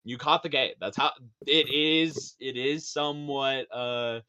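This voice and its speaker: A man as a podcast guest in casual chat, animated and profane, laughing often. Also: mid-range voice, unhurried, smooth, dull audio.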